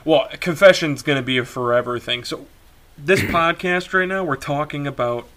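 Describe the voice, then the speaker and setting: A man's voice: a little high, moderate pace, fairly bright tone, slight background noise. A man co-hosting a casual podcast, giggly and loose, swearing freely. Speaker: podcast co-host. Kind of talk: casual chat.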